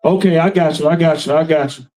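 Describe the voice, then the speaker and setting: A man's voice: on the high side, fast talker, poor audio. A man performing live on stage as a soul singer, hyping the crowd with call-outs before singing. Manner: energetic crowd hype with frequent "hey" and "y'all". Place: live event hall.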